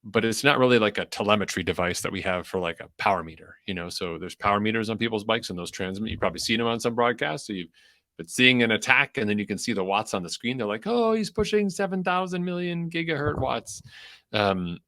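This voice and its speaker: A man's voice: on the low side, fast, pushed and bright, no room sound, clean studio sound. A young adult man hosting a podcast in a loose, rambling way, full of fillers and restarts. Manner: rambling, filler-heavy, self-interrupting. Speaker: podcast host. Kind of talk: casual chat.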